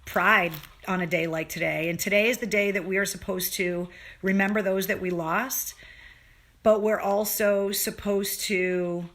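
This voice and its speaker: A woman's voice: mid-range voice, fairly even intonation, measured pace, fairly bright tone. A woman hosting a casual livestream for her viewers, talking earnestly and emotionally, swearing freely and restarting her sentences as she goes. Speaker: livestream show host.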